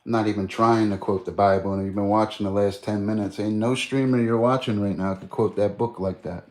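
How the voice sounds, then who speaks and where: A man's voice: fairly low pitch, steady tone, fairly quick, a little mellow. A man livestreaming in a casual, boastful, preachy way, quoting scripture at length.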